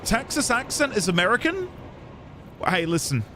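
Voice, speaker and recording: A British man streaming a game, talking to his viewers in an animated, self-mocking way. His voice sits a touch high and leaps around in pitch. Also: normal speed, a little hiss or hum. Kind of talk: gaming commentary.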